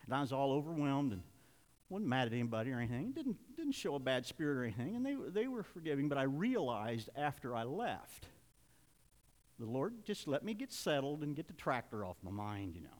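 A man's voice: medium pitch, sing-song, fairly quick, in a large hall. An older man preaching a sermon in a church, folksy and confessional, building to emphatic points. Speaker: pastor. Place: church sanctuary.

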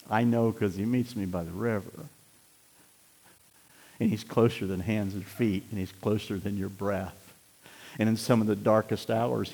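A man preaching a sermon, swinging between loud exhortation and hushed, near-whispered passages. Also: mid-range voice. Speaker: pastor. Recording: long hall reverb.

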